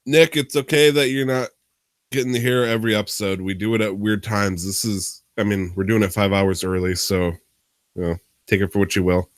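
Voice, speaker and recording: A man's voice: on the low side, no echo. Young male podcast host, playful and ribbing, dry close mic. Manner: joking, teasing, hypes himself up. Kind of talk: casual podcast chat.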